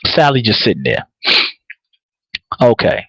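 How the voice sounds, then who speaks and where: A man's voice: medium pitch, a little slow, creaky, slightly rough, no echo, poor audio. A man hosting a live podcast, recapping a TV episode in casual, profane storytelling, repeating words as he builds each point. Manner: animated, repeats words while building a point, laughs often.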